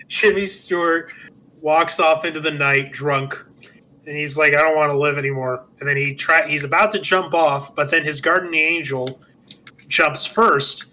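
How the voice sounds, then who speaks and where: A man's voice: a little high, fairly even intonation, measured pace, sharp tone, low-quality recording. A man hosting a podcast, casually retelling a film with loose, swearing comedic chat. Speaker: podcast host.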